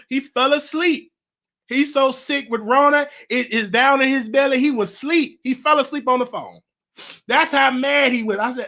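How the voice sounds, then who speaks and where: A man hosting a casual monologue, animated, stammering and repeating himself. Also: extremely high pitch, unhurried. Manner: animated, repetitive, stammering restarts. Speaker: show host.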